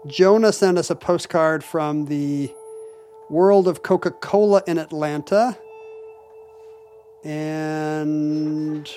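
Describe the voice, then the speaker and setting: A man's voice: fairly high pitch, slow, long pauses, warm tone, faint music behind. A man co-hosting a casual podcast, reading listener mail with dry, wry humor. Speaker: podcast co-host. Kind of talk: casual chat.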